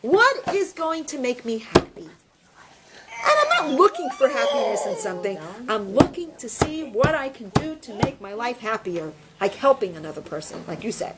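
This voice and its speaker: A woman giving a storytelling religious lesson to a group, animated and asking questions. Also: a little high, moderate pace. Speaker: religious teacher. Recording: noisy room recording.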